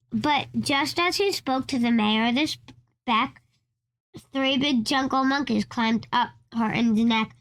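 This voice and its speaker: A woman's voice: on the high side, unhurried, fairly bright tone. A woman reading a children's storybook aloud, often stumbling and restarting lines. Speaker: storybook reader.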